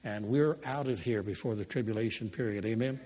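An older pastor preaches a sermon in a lowish, warm voice at a slightly fast pace, reading scripture and telling folksy, humorous stories from his life. Long hall reverb surrounds him.

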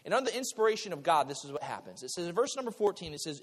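A man preaching a sermon as pastor. He talks in a lively way, repeats his words and throws in joking asides. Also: on the high side, rapid-fire, few pauses, breathy edge. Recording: long reverb of a large hall.

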